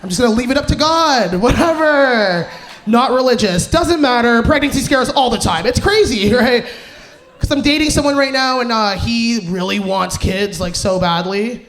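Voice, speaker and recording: A woman performing a live stand-up comedy set, animated and profane, acting out the men she has dated. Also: a little high, moderate pace. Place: cinema stage before a live audience.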